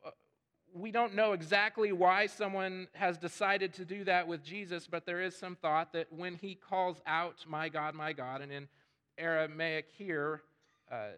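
A male pastor delivering a sermon, earnest and unhurried in his reasoning. His voice sits a little higher than most men's, and he often doubles words as he starts a thought. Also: steady tone, a bit bright, clean tone. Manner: earnest, repeats words when starting phrases.

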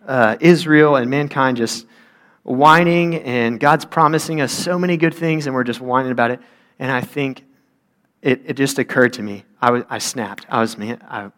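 Young adult man, pastor, casual sermon, chatty preaching, fillers, mid-pitched voice. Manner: conversational, acts out whiny voices, grows heated.

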